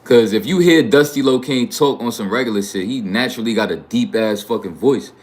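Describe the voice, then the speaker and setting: A man's voice: mid-range voice, fairly quick. A young man with a New York accent, chatting boastfully on his livestream in heavy slang and profanity. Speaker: YouTube livestreamer. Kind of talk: casual livestream chat.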